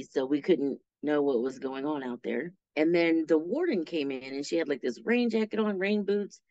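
A woman's voice: on the low side, dry recording. A middle-aged woman speaking as an interview guest, telling her story candidly and acting out what people said, with frequent laughs. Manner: animated, acts out quoted speech, laughs through her story. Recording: dull lo-fi audio.

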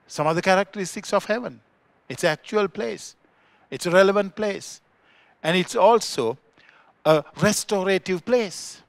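Preaching in church, the man speaks with a Sri Lankan accent and a fairly high, gravelly voice. Loud, forceful proclamations give way to soft, low comments. Little room sound comes through, as the recording is close and dry.

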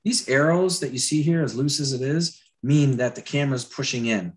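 Speaking at a normal speed in a mid-range voice, a man demonstrates storyboard drawing live. He keeps clearing a dry throat and rambles casually, with lots of fillers and false starts.

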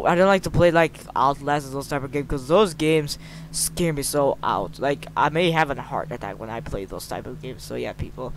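A young man commentating a game he is playing, rambling and excitable, with sudden loud outbursts. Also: medium pitch, creaky. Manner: excitable, rambling, bursts into shouts. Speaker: gaming YouTuber. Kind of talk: let's play commentary. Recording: noisy home recording.

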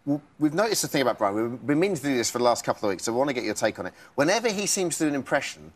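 A man's voice: mid-range voice, big pitch swings, very fast. Cheeky male TV presenter. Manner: cheeky, upbeat. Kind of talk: lively TV spin-off chat.

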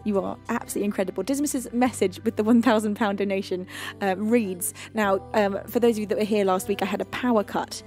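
A woman's voice: mid-range voice, fairly even intonation, quick pace, a little mellow. A British woman hosting a live music stream, chatting affectionately and giggly with her viewers from her home studio. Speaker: livestream music host. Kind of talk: casual chat with viewers.

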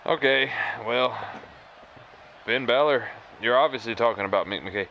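A man's voice: medium pitch, unhurried, pushed and bright, a little hiss or hum. A man commentating on his own game playthrough in a casual, rambling, wry way. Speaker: gaming commentator. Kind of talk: let's play commentary.

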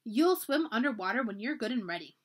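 A kindly camp director in a children's storybook, gently encouraging and animated, as a woman reads her lines aloud. Her pitch rises and falls in a lively way. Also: a little fast, slightly rough.

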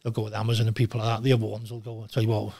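An older man in his sixties, talking bluntly and with lots of swearing in a casual interview, telling animated stories. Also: on the low side, very fast, gravelly, no echo, clean studio sound. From Wales. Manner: blunt, profane, animated storytelling. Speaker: guest, former goalkeeper.

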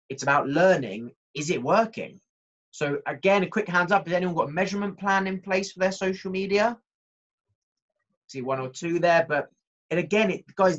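Lively man presenting a workshop, muffled sound. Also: on the high side. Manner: lively, conversational, talks straight to the audience.

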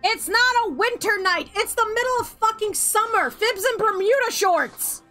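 Woman streamer, high voice, sarcastic, playful, swears a lot. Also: normal speed, pushed and bright, faint music behind. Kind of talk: casual gameplay chat.

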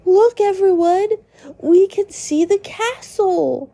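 A woman voicing a kind, cheerful young male prince character with a soft manner. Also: extremely high pitch, slow, gravelly, pitched above the performer's own voice, full character voice.

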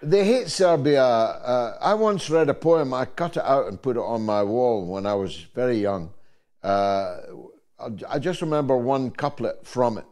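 Slow, deliberate man. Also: mid-range voice, lively intonation, a little mellow. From Scotland. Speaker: talk show host. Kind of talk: call-in talk show.

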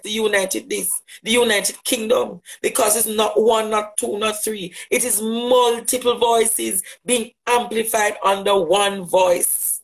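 A man's voice: high-pitched, fairly even intonation, takes it slowly, creaky, low-quality recording. A man with a Jamaican accent giving an impassioned livestream address, emphatic, with rhetorical questions and repetition. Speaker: activist on a livestream.

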